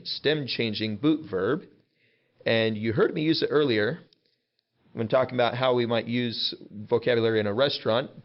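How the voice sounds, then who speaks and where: Man teaching vocabulary, slightly muffled. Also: medium pitch. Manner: patient, repeats words slowly and explains casually. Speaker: Spanish teacher. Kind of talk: classroom vocabulary lesson.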